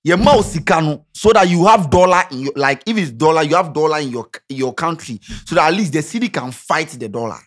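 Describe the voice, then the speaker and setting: A man's voice: a little high, lively intonation, brisk, few pauses. A Ghanaian man giving passionate, sarcastic social commentary, firing off rhetorical questions. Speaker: commentary vlogger.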